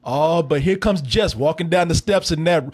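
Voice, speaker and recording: A man hosting a casual film review, animated and profane, laughing often and acting out scenes. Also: on the high side, moderate pace.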